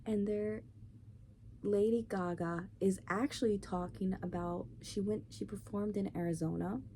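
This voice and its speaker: A woman's voice: medium pitch, creaky, warm tone. A woman hosting her own show, ranting bluntly and profanely in a casual opinion monologue. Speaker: podcast host. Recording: faint background noise.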